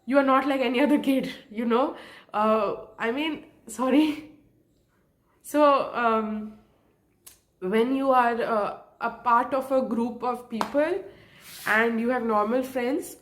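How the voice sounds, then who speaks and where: A woman's voice: fairly high pitch, slow pace. A young woman vlogging about her feelings, emotional and close to tears, apologizing often with nervous laughs. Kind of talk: emotional personal vlog.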